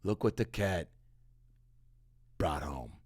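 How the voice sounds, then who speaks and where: A man voicing a jaded, judgmental house cat who drawls sarcastic scolding in a gravelly voice. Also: deep voice, lively intonation, takes it slowly, darkish tone, dry recording, clean studio sound, pitched below the performer's own voice, heavily acted. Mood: sneering.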